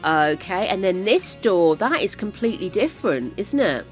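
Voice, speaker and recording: An older woman chatting to viewers while playing a game on a live stream, easily excited. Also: medium pitch, moderate pace, faint music behind. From United Kingdom. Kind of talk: casual live-stream chat while gaming.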